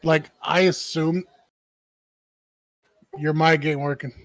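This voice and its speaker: A man playing a tabletop game, asking eager, quick questions. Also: a little high, fairly even intonation, dry recording. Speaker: player. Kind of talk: casual play.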